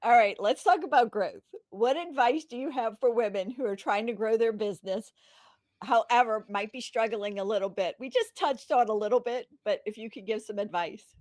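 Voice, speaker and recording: Brief: woman podcast host, slightly high voice, eager and affirming. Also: moderate pace, darkish tone, no echo. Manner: enthusiastic, affirming. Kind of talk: podcast interview.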